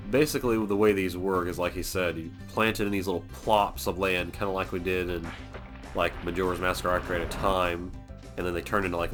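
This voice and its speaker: A man casually commenting over his gameplay as a let's play host, chatty, rambling and self-deprecating. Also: low voice.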